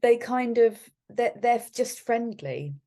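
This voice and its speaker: A woman's voice: a little high, animated, slow, dark tone. A woman guest in an interview, speaking in a friendly way with frequent laughs and many restarts. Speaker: guest, art curator.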